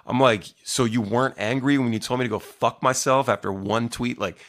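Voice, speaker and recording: A middle-aged musician hosts his own podcast in a brisk, steady, mid-range voice with a fairly bright tone. His casual solo monologue rambles and swears, packed with fillers and restarts.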